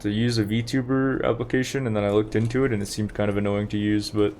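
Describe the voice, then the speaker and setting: Low-voiced young man streaming a game. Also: level tone, fast, darkish tone, slight background noise. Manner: chatty, rambling, talks to chat while playing. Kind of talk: casual gameplay commentary.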